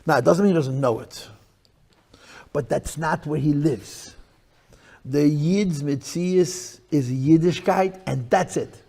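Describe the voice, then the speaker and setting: A man speaking as a rabbi, lecturing to listeners in a room, emphatic and repetitive, swinging between loud bursts and hushed lines. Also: a little high, slow pace, gravelly, breathy edge. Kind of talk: lecture to a live audience.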